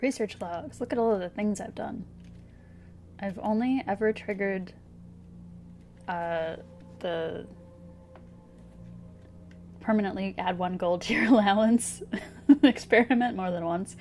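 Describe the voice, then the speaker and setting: A woman streamer casually thinking aloud over a puzzle game, hesitant and giggly, with soft music behind. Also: medium pitch, unhurried, pauses often, slight background noise. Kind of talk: casual gameplay commentary. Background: soft background music.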